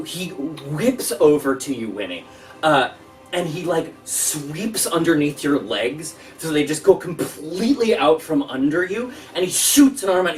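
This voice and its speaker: A man running a tabletop game as dungeon master, describing action in a relaxed way with many fillers, recorded from a distance with music behind. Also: fairly high pitch. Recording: distant mic with background music.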